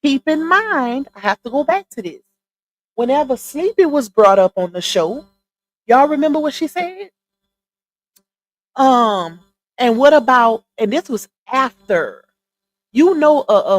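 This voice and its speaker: A woman's voice: a little high, animated, measured pace, poor audio. A woman speaking, hosting a live stream and giving casual, emphatic commentary to her viewers. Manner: chatty, emphatic, addresses viewers directly.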